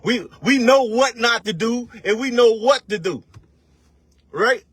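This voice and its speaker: High-voiced man preaching in slang. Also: animated, a bit bright, slightly rough, dry recording. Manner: rhetorical questions, profane, street slang; preachy, drawn-out emphasis. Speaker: online commentator. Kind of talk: casual motivational rant to camera.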